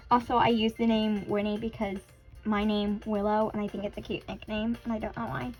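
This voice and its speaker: A woman's voice: medium pitch, level tone, fairly quick, faint music behind. A young woman reading a visual novel aloud, chatting between the lines with self-conscious, giggly asides. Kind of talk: casual let's-play narration with character voices.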